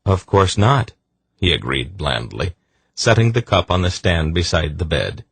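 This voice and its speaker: A man reading a fantasy novel aloud as an audiobook narrator, measured and gentle. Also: extremely low pitch, sing-song, vocal fry, husky, no room sound. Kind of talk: scripted narration.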